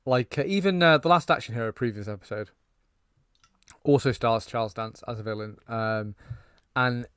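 A man's voice: mid-range voice, moderate pace, pauses often, fairly bright tone, smooth, dry recording, clean studio sound. Rambling man reviewing a film. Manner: rambling, swearing, laughing at his own jokes. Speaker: podcast co-host. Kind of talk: casual film-review chat.

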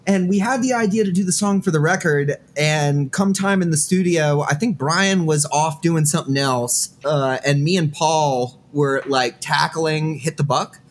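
A man's voice: fairly high pitch, a little slow, hardly any pauses. A man in a band, talking easygoing in a casual interview and joking along. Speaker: band member.

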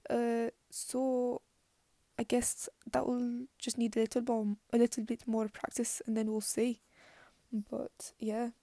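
A young woman from London rambles through a solo podcast in a put-on Scottish accent. Her voice sits a little high, carries a gravelly fry, and has a mellow tone. She chats on and on, and often drops into soft, half-whispered asides. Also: no room sound. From London, England. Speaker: podcast host.

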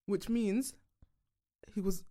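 A young woman co-hosting a casual podcast chat, lively and quick to laugh. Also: mid-range voice. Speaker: podcast co-host.

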